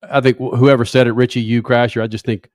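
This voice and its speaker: A man's voice: mid-range voice, little pitch movement, fast, a little mellow, no echo. A man hosting a casual motorsports radio talk show from a studio, brash and flippant and swearing freely.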